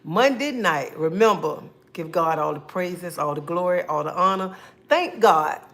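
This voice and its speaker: A woman's voice: fairly low pitch, lively intonation, measured pace, fairly bright tone. Chatty devout woman greeting her viewers. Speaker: livestream host. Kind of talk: casual livestream chat.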